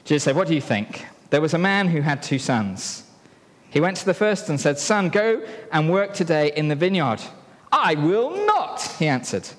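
A man preaching a sermon in a church, telling a story and drawing helpers into it in a playful, lively way. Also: a little high. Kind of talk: sermon with a live object lesson. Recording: long reverb in a hall.

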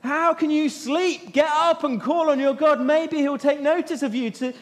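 A man's voice: extremely high pitch, moderate pace, voice pushed up. A man playing a frantic ship captain. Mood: urgent. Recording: long echo of a large hall.

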